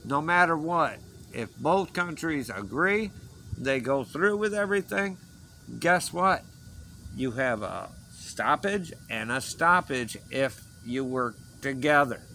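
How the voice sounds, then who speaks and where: Choked up and emotional, a male vlogger rambles through a heartfelt message, begging his viewers to listen. His fairly high voice is pushed and bright, and the poor audio carries slight background noise.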